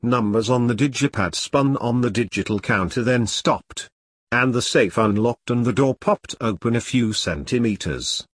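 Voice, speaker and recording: A man narrating a first-person detective novel in a wry, deadpan, self-mocking way. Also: medium pitch, moderate pace, slightly rough, no echo, clean studio sound. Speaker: audiobook narrator.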